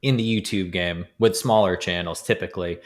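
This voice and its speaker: A man's voice: sits low, a little fast. A man in a casual podcast chat, asking curious questions and using lots of fillers. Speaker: podcast co-guest.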